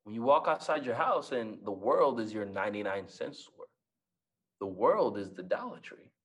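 A man's voice: on the low side, lively intonation, moderate pace, slightly rough. A young man giving a motivational talk as a guest speaker, telling stories, acting out dialogue and repeating key lines for emphasis.

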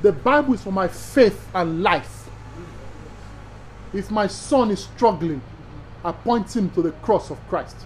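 A man's voice: sits high, lively intonation, unhurried, pauses often, a little hiss or hum, low-quality recording. A man from Nigeria with a Nigerian accent, a pastor giving an emphatic teaching sermon to other pastors, repeating key phrases and asking rhetorical questions.

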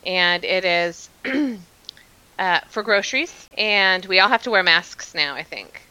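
Chatty American woman guest, bright tense voice, laughs through her stories. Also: lowish voice, animated, slow, clear, resonant tone, rough recording. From Oregon, United States. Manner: chatty, laughs often, storytelling. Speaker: interview guest. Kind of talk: casual conversation.

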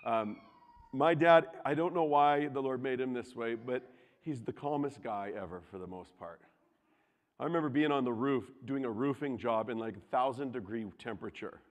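Young male pastor, animated sermon delivery, loud bursts and hushed lines, ordinary pitch, long hall reverb. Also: normal speed.

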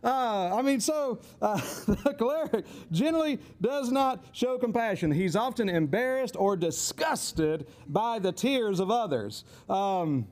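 Man, high voice, folksy teacher, rambling casual talk, chuckling asides. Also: expressive, unhurried, few pauses, darkish tone. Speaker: teacher on temperaments.

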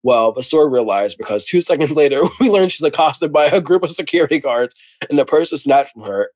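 A man's voice: a little high, brisk, no echo. Dry-voiced man recapping a book. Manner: animated storyteller, laughs often. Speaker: podcast co-host. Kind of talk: casual book recap chat.

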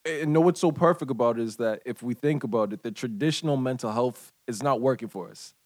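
Haitian-accented male host, relaxed chatty read, mid pitch, dry room. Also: dry recording. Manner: laid-back, laughs often, reads the intro haltingly. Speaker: podcast co-host. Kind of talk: casual podcast chat.

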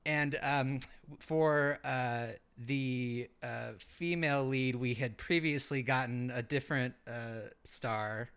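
Comedic co-host, male, bright and crisp voice, halting improv delivery. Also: mid-range voice, fairly even intonation. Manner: rambling, halting, full of fillers. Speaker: podcast co-host in character as a park ranger.

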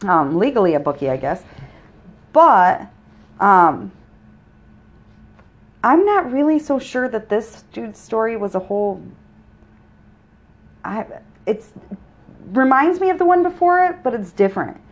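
A woman's voice: a little high, a little slow, long pauses, highs cut off. Profane, joking woman co-host. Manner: profane, joking, animated storytelling. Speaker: podcast co-host. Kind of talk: casual true-crime chat.

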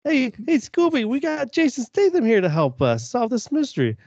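A man putting on the voice of an eager young male cartoon mystery-solver, high and squeaky. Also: wildly swooping pitch, moderate pace, darkish tone, slightly rough, no echo, lo-fi sound, heavily acted.

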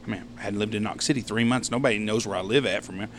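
A man's voice: fairly low pitch, very fast, a little hiss or hum. A man, hosting a casual podcast chat in a studio and prompting his guest for stories. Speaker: podcast host.

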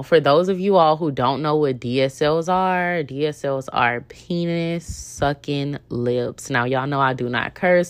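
A young woman hosting a podcast, telling a personal work story in a candid, indignant, chatty way with lots of fillers. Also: low voice. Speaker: podcast host. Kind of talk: casual storytelling monologue.

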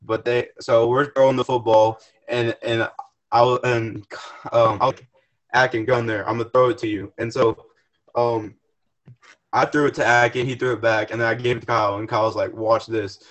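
A man's voice: mid-range voice, level tone, moderate pace. Young guy rambling thru a story on a podcast, swears a lot, restarts sentences. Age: young adult. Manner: rambling, profane, restarts often. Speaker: podcast guest. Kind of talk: casual storytelling.

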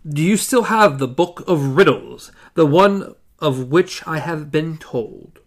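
A man reads as an anxious young boy from a story, earnest and a bit halting. The delivery is slow and unhurried. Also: on the high side, expressive, exaggerated voice.

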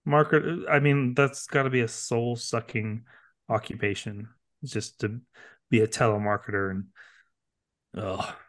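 A man's voice: mid-range voice, steady tone, measured pace. A man co-hosting a casual podcast, rambling and stammering through his points. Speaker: podcast co-host. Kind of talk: casual chat.

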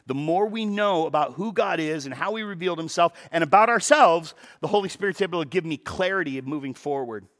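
Animated male pastor preaching. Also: a little high, brisk, few pauses. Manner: animated, rhetorical questions, repeats words when starting sentences. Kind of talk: sermon.

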